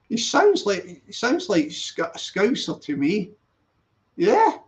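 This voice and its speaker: Slow and high-pitched, this channel host's voice swoops wildly in pitch. Chatting casually on a live stream, he rambles, self-corrects, and pauses to read the chat out loud, with the recording sounding dull and lo-fi.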